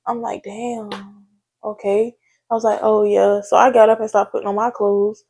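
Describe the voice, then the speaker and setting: Chatty young woman, slightly gravelly. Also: on the high side, a little mellow. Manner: candid, chatty, talks straight to viewers with frequent "like" and "y'all". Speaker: vlogger. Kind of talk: casual storytime chat.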